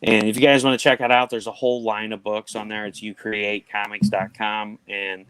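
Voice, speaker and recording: A man's voice: fairly low pitch, level tone, moderate pace, fairly bright tone, smooth, no echo, low-quality recording. A man hosting a casual charity art auction stream, joking around and reading item descriptions aloud. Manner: jokey, reads item blurbs aloud. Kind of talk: casual livestream chat.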